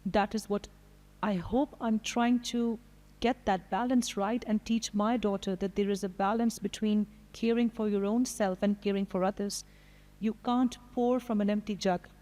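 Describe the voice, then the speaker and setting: Mellow-voiced woman hosting a panel. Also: medium pitch, steady tone, moderate pace. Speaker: panel host. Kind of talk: moderating a panel discussion. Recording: long hall reverb.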